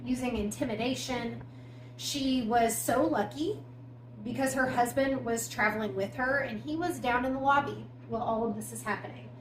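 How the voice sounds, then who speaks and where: A woman co-hosting a podcast, recounting a crime case in casual storytelling with emphatic asides. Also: fairly high pitch. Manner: conversational, recounting events with emphatic asides and fillers. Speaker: podcast co-host. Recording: echoey room with faint background noise.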